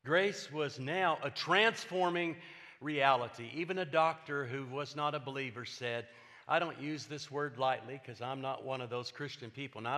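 A man's voice: on the high side, a bit bright. An older man, preaching a sermon as a personal testimony, earnest and emphatic with repeated phrases. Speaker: pastor. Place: church sanctuary. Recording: hall reverb.

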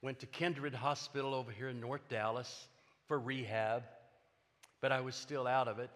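Older pastor in a reverberant hall. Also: male voice, mid-range voice, steady tone, normal speed, fairly bright tone. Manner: earnest, personal testimony with emphatic repetition. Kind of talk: sermon. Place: church sanctuary.

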